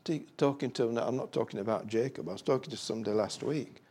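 A man's voice: medium pitch, quick pace, warm tone, breathy edge. A man preaching a sermon, reading Scripture aloud and breaking off into folksy, rambling asides with sudden emphatic bursts.

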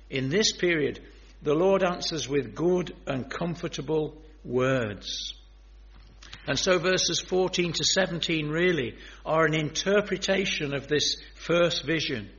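A man's voice: a little high, fairly bright tone. A man preaching a sermon in an earnest, emphatic way, speaking straight to his listeners. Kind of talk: sermon on biblical prophecy. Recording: dull lo-fi sermon recording.

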